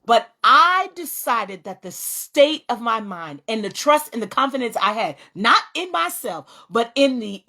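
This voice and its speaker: A woman hosting a faith-based talk, telling a personal story in an animated way and often laughing as she speaks. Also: fairly high pitch, unhurried, hardly any pauses. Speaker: host.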